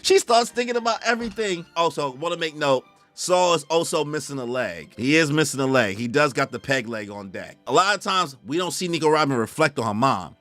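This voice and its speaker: A man hosting casual reaction commentary, excitable and slangy, who often acts out character voices. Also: a little high, brisk, soft background music. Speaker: host.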